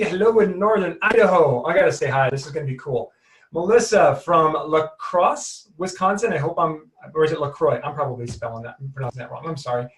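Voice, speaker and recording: A man hosting a live coaching webinar, upbeat and chatty, hyping up his audience. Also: on the high side. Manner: upbeat, hyped, chatty, greets viewers one by one. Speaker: webinar host and trainer. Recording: roomy and distant from the mic.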